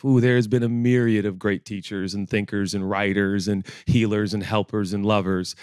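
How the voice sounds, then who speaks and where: A man in his forties preaching a sermon, telling stories and joking with the congregation in an animated way. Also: on the low side, moderate pace, few pauses, clear, resonant tone, no echo, studio quality. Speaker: pastor. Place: church auditorium with audience.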